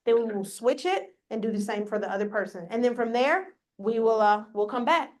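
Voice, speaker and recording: A woman with a somewhat high voice leads a live workshop, speaking straight to the people in the room. Her manner is upbeat and coaching, with an encouraging push behind it. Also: a little fast. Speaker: workshop presenter. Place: conference room with a live audience. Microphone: on a mic, recorded for a hybrid audience.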